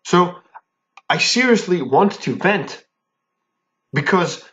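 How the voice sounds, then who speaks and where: A man's voice: high voice, expressive, takes it slowly, a bit bright, highs cut off. A man ranting angrily to his viewers, heated and indignant, stumbling over his words and tagging his points with "okay?". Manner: repeats and restarts when worked up. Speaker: fan commentary vlogger. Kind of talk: angry ranting monologue.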